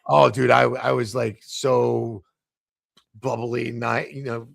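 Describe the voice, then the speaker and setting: Raspy low guy on a podcast telling a story, laughing, tripping over his words, dry close sound. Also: slow pace, no room sound. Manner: animated, laughing, stumbling restarts. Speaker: podcast guest. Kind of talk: casual storytelling.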